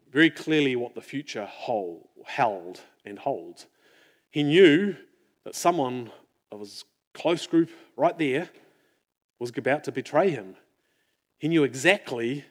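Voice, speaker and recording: Man, sermon, earnest, reflective, soft drop-offs, mid-range pitch. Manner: earnest, reflective, often drops to a near-hush. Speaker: preacher.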